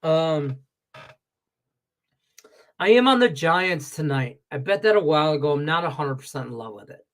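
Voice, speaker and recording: At a moderate pace with frequent pauses, a man whose voice sits on the high side rants on a casual Las Vegas sports betting show. He's heated, animated and profane, and his stuffed sinuses leave him sounding congested.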